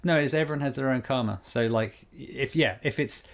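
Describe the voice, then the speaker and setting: A man's voice: mid-range voice, brisk. Joking, opinionated male podcast co-host. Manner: joking, opinionated, laughs often. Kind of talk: casual podcast chat. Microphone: studio condenser microphone.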